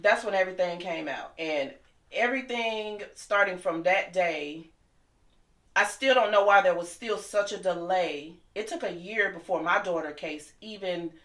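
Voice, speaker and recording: A woman's voice: fairly low pitch, fairly bright tone. Middle-aged woman, aave, heated and emotional, voice bouncing round an echoey room. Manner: impassioned, talks fast and heated. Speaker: guest. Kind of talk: emotional personal storytelling.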